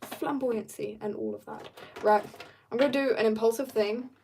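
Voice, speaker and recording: A woman's voice: fairly high pitch, expressive, moderate pace, gravelly, darkish tone, a little hiss or hum. A young woman chatting casually while drawing on a livestream, bubbly and joking as she reads viewer comments. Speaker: art livestreamer.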